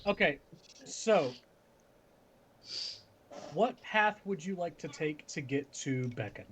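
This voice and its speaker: A man's voice: on the high side, lively intonation, slow pace, fairly bright tone, a little hiss or hum. A man running a tabletop role-playing game as game master on a livestream, with a dry, teasing manner.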